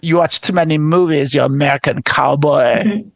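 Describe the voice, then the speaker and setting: A woman's voice: deep voice, normal speed, gravelly, no room sound, voice pushed down. A woman doing a mocking impression of a smug male movie villain. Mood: taunting. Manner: mocking, sneering.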